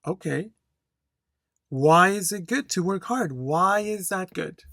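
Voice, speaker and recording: A speaking-test instructor walks learners through a model answer at a very slow, careful pace, stopping often to ask whether they are following. The voice sits at a middling pitch and is recorded close and dry, with no room sound. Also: animated, gravelly, fairly bright tone, dry recording. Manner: slow, deliberate, checks in with "okay?" after each point; reads a model answer aloud with careful intonation.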